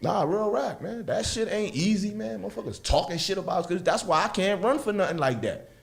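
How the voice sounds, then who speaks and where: A man's voice: fairly quick, gravelly. A man co-hosting a radio talk show, arguing heatedly, swearing and laughing often. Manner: animated, swearing, laughs often, swings loud and high. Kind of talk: heated casual debate.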